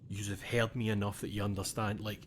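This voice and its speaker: A man's voice: fairly low pitch, flat delivery, brisk, slight background noise. A young Scottish man chatting casually and rambling, swearing freely as he plays a game on stream. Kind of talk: casual commentary while gaming.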